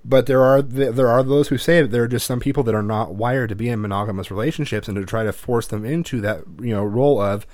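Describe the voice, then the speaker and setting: A man's voice: mid-range voice, fairly even intonation, fast talker, hardly any pauses, darkish tone, no echo. A man in his thirties hosting a podcast, talking bluntly and profanely in casual chat, rambling with restarts. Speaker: podcast host.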